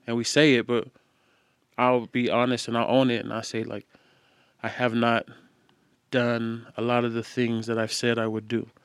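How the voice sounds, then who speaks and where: A tired man co-hosting a podcast, talking in a relaxed, slangy, casual way. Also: mid-range voice, normal speed, long pauses, clear, resonant tone, dry recording, clean studio sound. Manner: relaxed, slangy, laid-back. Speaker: podcast co-host. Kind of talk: casual chat.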